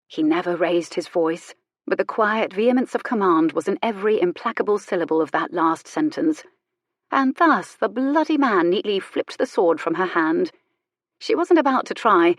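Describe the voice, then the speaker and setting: A woman narrating a historical romance audiobook in a measured, expressive way. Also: on the low side, no echo, clean studio sound. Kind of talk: scripted narration.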